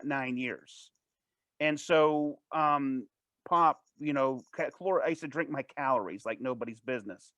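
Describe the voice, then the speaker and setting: A man as an interview guest, telling a personal story in a casual, animated way, with frequent restarts and false starts. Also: on the high side, dry recording. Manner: animated, fast-paced anecdote telling.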